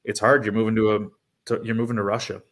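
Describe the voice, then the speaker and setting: A man in his thirties talks casually as an interview guest. His voice sits low, and he loops back through "um"s and restarts as he tells his story. He keeps his delivery fairly flat. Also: quick pace. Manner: rambling with many fillers and restarts. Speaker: guest, former pro hockey player.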